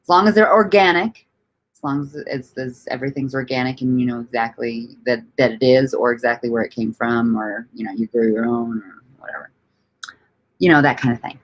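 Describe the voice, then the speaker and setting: A woman's voice: very deep voice, a little fast. A woman hosting a casual livestream, reading out viewer comments and rambling through her thoughts with frequent laughs and casual swearing. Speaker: livestream host.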